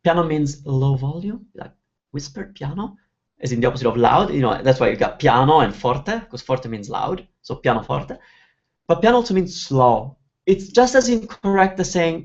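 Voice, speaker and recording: A slightly high, gravelly male voice, teaching in a loose, chatty way during a live webinar. He breaks each phrase down word by word. The audio is dull and lo-fi. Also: expressive, moderate pace. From Italy. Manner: chatty, explains words one by one with examples. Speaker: Italian teacher hosting a webinar. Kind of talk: live online Q&A lesson.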